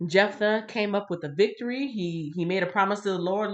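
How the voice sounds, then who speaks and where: A woman reading the Bible on a livestream and chatting with viewers in a casual, animated way. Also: mid-range voice, brisk, hardly any pauses, highs cut off. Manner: chatty, addresses viewers directly; animated, laughs and greets viewers. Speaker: livestream host.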